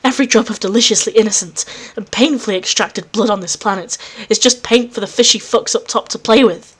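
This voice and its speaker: A woman voicing an intense, scheming alien girl who talks about justice and vengeance in a low, measured way. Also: slightly rough, natural voice. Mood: brooding.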